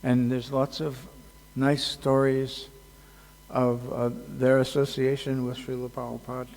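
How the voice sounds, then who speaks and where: Slow-talking man in a reverberant hall. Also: medium pitch, level tone, vocal fry, a little mellow. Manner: halting, joking, many fillers. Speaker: speaker at a temple festival. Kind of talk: casual devotional talk.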